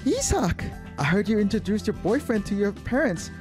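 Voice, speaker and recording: A man's voice: sits high, big pitch swings, moderate pace, music in the background, pitched above the performer's own voice. A man reading a skit part as a curious, supportive friend.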